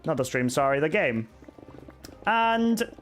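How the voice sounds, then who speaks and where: A man's voice: fairly high pitch, big pitch swings, takes it slowly, a bit bright, faint music behind. A young man streaming a game, chatting casually and answering chat with sarcasm and swearing. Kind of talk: casual live-stream chat while gaming.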